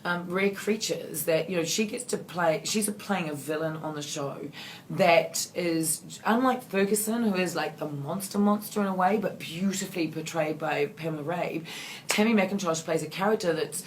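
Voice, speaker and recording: A lower-voiced woman chats through fan questions, rambling and gushing with plenty of ums and restarts. A faint hum of noise sits under her voice. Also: moderate pace. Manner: rambling, warm and effusive, many fillers and restarts. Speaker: actress answering fan questions. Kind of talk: casual Q&A.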